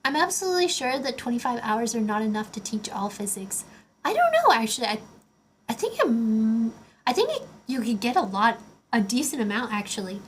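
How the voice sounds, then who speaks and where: Chatty high-voiced young woman streamer. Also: very animated, a little fast, slight background noise. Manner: rambling, chatty, heavy on filler words. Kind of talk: casual livestream chat.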